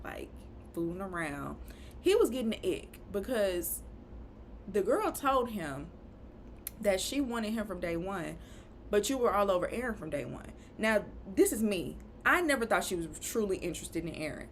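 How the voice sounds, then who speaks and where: Woman, casual vlog recap, opinionated, rhetorical questions, mid pitch, faint background noise. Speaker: reality TV recap vlogger.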